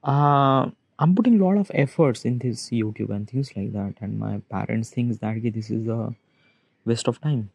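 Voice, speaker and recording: A man, giving a halting, rambling confessional monologue in which he questions himself aloud. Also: medium pitch, gravelly, a little mellow, dry recording, poor audio. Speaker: vlogger. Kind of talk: confessional self-talk monologue.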